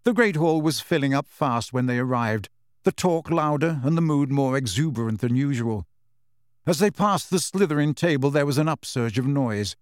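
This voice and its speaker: A man's voice: mid-range voice, animated, no echo. Man reading a storybook, dry close sound. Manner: measured storytelling. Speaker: audiobook narrator. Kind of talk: scripted narration.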